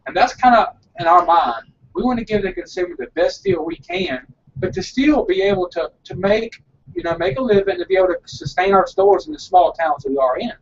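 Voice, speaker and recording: A man's voice: sits high, big pitch swings, a little fast, creaky, distant mic, lo-fi sound, slight background noise. A man who owns a small frozen yogurt shop, chatting earnestly and a bit rambling on a casual live broadcast.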